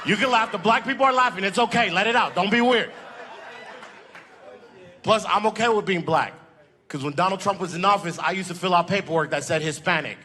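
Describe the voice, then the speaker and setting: A man with a bright, forceful, slightly high voice performs stand-up comedy, teasing the crowd playfully. Faint audience laughter comes from the room around him. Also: fairly quick. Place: comedy club stage with a live audience.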